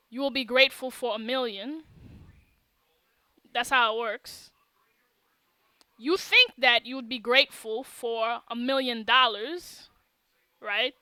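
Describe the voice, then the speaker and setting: A woman teaching the law of attraction in an emphatic talk to camera, often pausing to check in with "okay?". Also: on the high side, pushed and bright, clean tone, dry recording.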